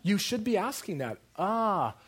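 A man preaching a sermon in an animated way, with repeated emphasis and acted-out quoted voices. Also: mid-range voice, moderate pace, slightly rough. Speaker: preacher or teacher.

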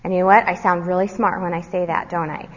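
A woman giving verse-by-verse Bible teaching, earnest, quizzing her listeners and dropping to a soft, low voice on key words. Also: little pitch movement, fast talker. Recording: dull recording with long hall reverb.

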